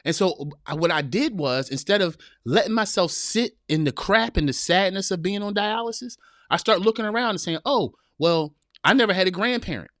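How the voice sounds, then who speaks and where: A man's voice: high voice, expressive, moderate pace, fairly bright tone, no echo, clean studio sound. A man hosting a podcast, giving an earnest, preachy motivational talk in a folksy manner, addressing listeners as y'all and repeating lines for emphasis. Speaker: podcast host.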